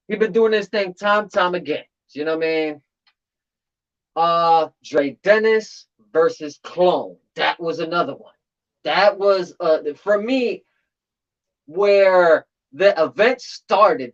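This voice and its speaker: A man in casual commentary on a battle rap tournament, talking in an animated way and repeating phrases for emphasis. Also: high-pitched. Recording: slightly dull lo-fi audio.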